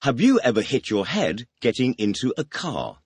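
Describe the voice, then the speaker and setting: Man, drill questions, husky, dry studio, scripted lesson. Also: mid-range voice, huge pitch swings, no room sound. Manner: announces words, then fires quick questions with a clipped "please". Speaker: language teacher asking drill questions.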